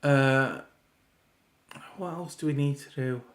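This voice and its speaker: A man's voice: medium pitch, slow pace. A man giving a casual reaction review of a TV episode, ranting in an exasperated way and often restarting his sentences. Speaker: video reviewer.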